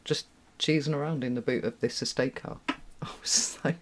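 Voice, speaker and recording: A woman's voice: extremely low pitch, fairly even intonation, normal speed, slight background noise. A British woman who reads tarot, chatting on her live stream from a room at home, rambling, laughing often and swearing freely. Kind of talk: casual live-stream chat.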